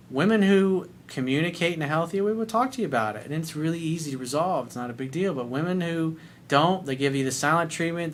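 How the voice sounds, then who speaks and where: A man's voice: a little high, a bit bright, a little hiss or hum. A man giving dating advice in a video coaching monologue, blunt and emphatic, swearing freely.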